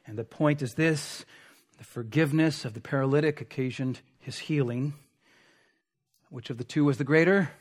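A man's voice: medium pitch, darkish tone. A man preaching a sermon, explaining a text closely with rhetorical asides. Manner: expository, dwells on words, rhetorical asides.

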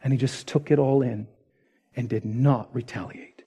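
Male pastor, husky and mellow tone, dramatic delivery shifting from loud to hushed. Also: medium pitch, steady tone, moderate pace. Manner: dramatic, swings from loud retelling to hushed intensity. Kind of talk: sermon.

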